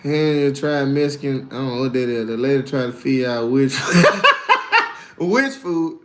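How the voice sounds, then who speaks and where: A man hosting a casual livestream, reading chat and telling animated stories while acting out voices and laughing often. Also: mid-range voice, a little slow, roomy sound.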